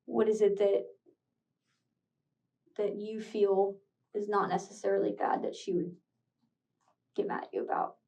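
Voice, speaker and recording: A woman questioning a teen in an interrogation room, calm and patient with probing questions. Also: mid-range voice, unhurried, long pauses. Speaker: police interrogator. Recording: distant room mic recording.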